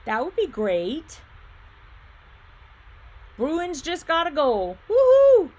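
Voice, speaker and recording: A woman with a slightly high voice hosts a relaxed livestream. She talks loosely, reads out viewer comments and thinks aloud as she works. She laughs easily and hums filler sounds between sentences. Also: very slow. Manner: chatty, thinks aloud while fiddling with her screen. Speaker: livestream host and quilt shop owner. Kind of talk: casual livestream chat reading viewer comments.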